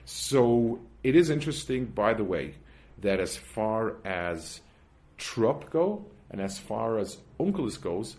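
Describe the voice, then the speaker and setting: A man's voice: on the low side, very animated, darkish tone. A man teaching a religious text class, explaining step by step with everyday examples and often restarting his sentences. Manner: halting, with frequent restarts and worked examples. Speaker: Torah teacher.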